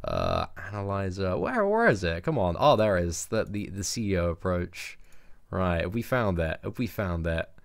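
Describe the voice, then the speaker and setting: A man chatting excitedly and casually on a live game stream. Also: deep voice, moderate pace, creaky.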